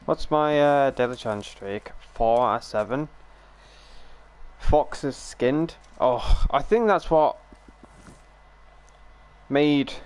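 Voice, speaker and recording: A man's voice: mid-range voice, darkish tone, clear, resonant tone. A man streaming a game, chatting casually with viewers in a rambling way, full of fillers and restarts. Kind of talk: casual live-stream chat while gaming.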